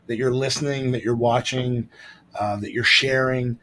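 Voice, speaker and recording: A man's voice: medium pitch, steady tone, normal speed, pushed and bright, slight background noise, rough recording. A man co-hosting a live show, talking casually and loosely, with many ums and restarts as he thanks and appeals to listeners. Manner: rambling with many fillers and restarts. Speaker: podcast co-host. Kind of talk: casual livestream chat.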